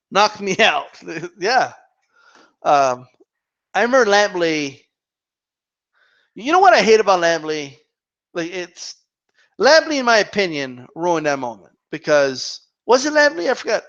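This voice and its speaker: A man's voice: sits high, fairly bright tone, dull audio. A man hosting a live Q&A stream, chatting casually in a rambling way and swearing freely. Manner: rambling and profane.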